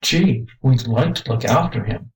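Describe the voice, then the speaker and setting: A man reading the part of a young boy on a space trip, speaking slowly and earnestly. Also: medium pitch, lively intonation, rough recording.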